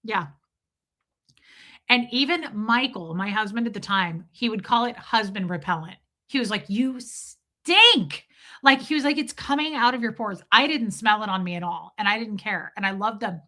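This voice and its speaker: A woman in her forties with a bright, forceful tone, chatting on a live stream. She rambles through candid stories and drops into quick impressions of other people. Her pitch sits in the middle for a woman. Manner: candid, rambling storyteller, does voices of people. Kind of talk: casual live-stream chat.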